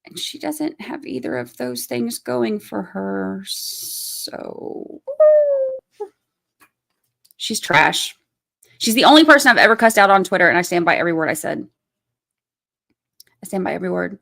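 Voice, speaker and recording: Stream host, female, 30s, middle pitch; blunt, fired-up casual commentary with cursing and chat replies. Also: lively intonation, measured pace, creaky, long pauses, a bit bright. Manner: blunt, swears freely, ranting; reads chat names aloud and answers them. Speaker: true crime livestream host.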